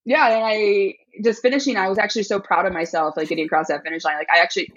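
A woman tells a story on a podcast, animated and quick to act out voices. Her voice has a husky edge, and the recording sounds a bit dull and lo-fi. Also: mid-range voice. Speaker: podcast guest. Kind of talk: casual chat.

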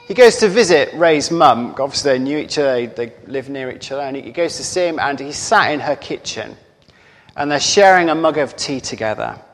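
A man preaching a sermon, telling a story slowly and earnestly, sometimes dropping to near-whispers. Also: mid-range voice, expressive, soft background music. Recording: long hall reverb.

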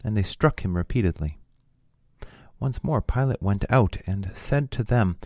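A man reading a Gospel passage aloud in a measured, steady way. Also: on the low side, no room sound. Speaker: scripture reader.

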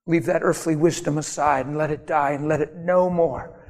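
A man's voice: a little high, normal speed. Male preacher in an echoing hall. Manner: animated storytelling, acting out quotes in raised voice. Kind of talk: sermon. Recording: long hall reverb.

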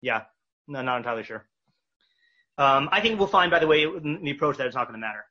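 A man's voice: mid-range voice, expressive, quick pace, pushed and bright, lo-fi sound. A man teaching a casual Torah study class, reading verses and translating them with fillers and restarts.

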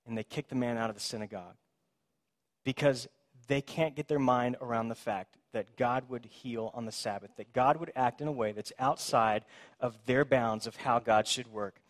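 A man's voice: medium pitch, moderate pace. A man preaching a sermon in a conversational way, acting out the figures in the story with sarcastic emphasis. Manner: animated, acts out the voices in the story with sarcastic emphasis; conversational, self-described as a bit of a smart aleck. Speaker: pastor.

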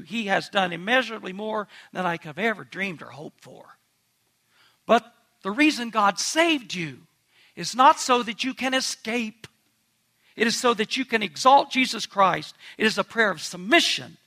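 A man's voice: high-pitched, bright, forceful tone. A man pastor preaching a sermon in an earnest, emphatic way, asking the congregation direct questions.

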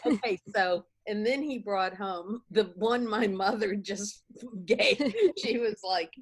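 A woman's voice: medium pitch, slow pace, slightly rough, no echo. A middle-aged woman co-hosting a podcast, telling family stories in a rambling, giggly way. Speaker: podcast co-host. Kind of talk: casual storytelling.

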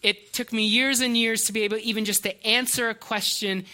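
A middle-aged man preaching a sermon in a high, very bright voice. He tells stories earnestly and sometimes stops and restarts a sentence. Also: steady tone, fairly quick. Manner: earnest storytelling preacher, slight hesitations and restarts. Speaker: pastor.

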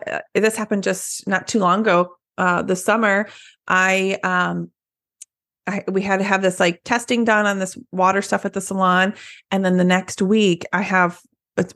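A woman's voice: mid-range voice, fairly bright tone. A young woman co-hosting a casual podcast, chatting and laughing along with her co-host. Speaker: podcast co-host, salon owner. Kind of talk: casual chat.

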